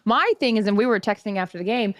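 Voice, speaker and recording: A woman's voice: medium pitch, fast, dry recording, clean studio sound. A woman in her forties co-hosting a podcast, talking in a reassuring, supportive casual way. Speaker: podcast co-host. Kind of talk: casual chat.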